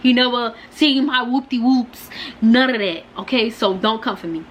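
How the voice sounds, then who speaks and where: A young woman telling a storytime vlog, animated and dramatic, talking straight to her viewers. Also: a little high, moderate pace, slight background noise. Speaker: vlogger.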